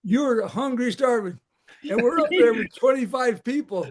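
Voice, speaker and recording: An older man with a notably high voice tells camp stories in a loose, rambling way. He restarts his sentences often and laughs his way through the punchlines. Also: expressive, normal speed. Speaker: guest, former camp rec director. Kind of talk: casual storytelling chat.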